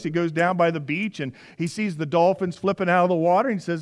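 A pastor preaching a sermon in a church, talking to the congregation in a conversational way, repeating key phrases and acting out little scenes. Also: male voice, a little high, fast talker, few pauses. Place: church sanctuary.

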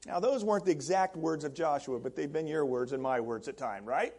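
A man with a high voice preaches a sermon. He speaks earnestly, working through the text and pausing to put questions to the congregation. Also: lively intonation, darkish tone, husky. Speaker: pastor.

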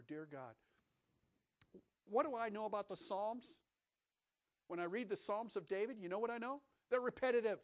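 A man preaching a sermon, emphatic, swinging between raised passages and hushed, quiet ones. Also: a little high. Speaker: pastor. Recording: tinny phone-like audio recording.

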